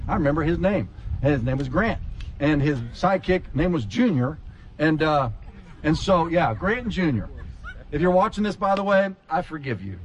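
A male pastor preaching in a fairly high voice, telling stories with lively acted-out moments. A faint hum of ambient noise sits under his voice. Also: moderate pace, highs cut off. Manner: animated storyteller, acts out scenes with big pitch jumps. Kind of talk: sermon with personal storytelling.

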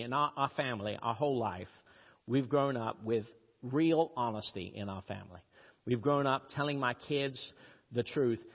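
A husky-voiced man from Brazil with a faint British-tinged accent delivers a church sermon, spinning stories and jumping up in pitch to stress a point. His voice rings with a long hall reverb on a dull, lo-fi recording. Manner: storytelling, animated with pitch jumps for emphasis. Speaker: pastor.

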